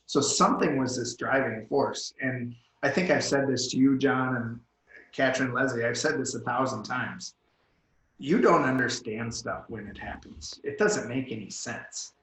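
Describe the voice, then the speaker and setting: A man's voice: mid-range voice, measured pace, a bit bright, reverberant, rough recording. A man guest in a virtual Q&A, telling a personal story in an earnest, emotional way. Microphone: video call.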